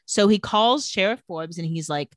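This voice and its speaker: A woman's voice: medium pitch, normal speed, dry recording. A woman co-hosting a podcast, casually retelling a TV episode scene by scene and quoting the characters, with many "like"s. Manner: retells scenes with quoted lines, says "like" often. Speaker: podcast co-host recapping a TV episode. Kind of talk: casual chat.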